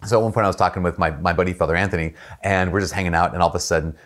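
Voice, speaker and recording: Low-voiced priest guy talking fast, casual story mode, lots of like and um. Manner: storytelling, jumps up in pitch to act out quoted people; relaxed, chatty, with frequent fillers and restarts. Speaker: Catholic priest. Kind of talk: casual faith talk to camera.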